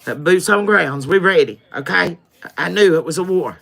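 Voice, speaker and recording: A woman's voice: low voice, expressive, moderate pace, creaky, fairly bright tone. A woman closing a tarot livestream in an emphatic, repetitive, preacher-like way. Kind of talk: spiritual livestream sign-off.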